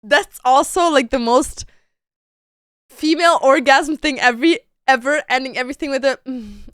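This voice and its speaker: A young woman streaming, chatting casually and reacting excitably, jumping to squealing highs. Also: moderate pace, no echo, clean studio sound. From Latin America.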